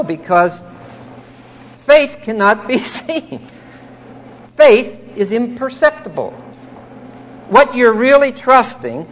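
A man's voice: high-pitched, a little hiss or hum. A man teaching a Bible passage verse by verse, explaining it patiently, checking in with his listeners and stressing key words emphatically.

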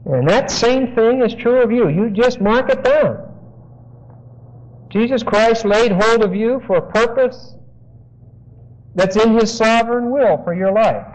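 A man's voice: extremely high pitch, unhurried, long pauses. A man preaching an expository Bible lesson, explaining words and giving phrases for his listeners to write down. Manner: explanatory, dictates phrases for notes. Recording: dull lo-fi sermon recording.

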